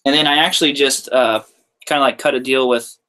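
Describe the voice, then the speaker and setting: A young man talks off the cuff to his viewers in a casual live-stream Q&A, sharing how he handles his guitars. His voice sits at an ordinary middle pitch. The talk rambles in a friendly way, full of "like" and "uh", with light laughs along the way. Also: steady tone, fairly quick, pushed and bright. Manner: laid-back, chatty, loose with frequent "like" and "uh"; laughs lightly mid-sentence. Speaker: guitarist answering viewer questions.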